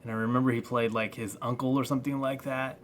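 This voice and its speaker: A man's voice: medium pitch, level tone, slight background noise. A man reviewing a toy figure in a casual, rambling way, full of fillers and restarts. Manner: rambling, halting, many fillers. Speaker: toy collector vlogger.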